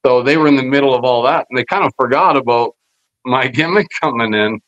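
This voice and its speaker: A man from Canada, a guest wrestler telling rambling, animated stories with lots of fillers and swearing. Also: medium pitch, fairly quick, no echo. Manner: animated storyteller who acts out other people's lines; rambling, with many fillers and profanity. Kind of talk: casual storytelling interview. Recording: slightly muffled dry podcast audio.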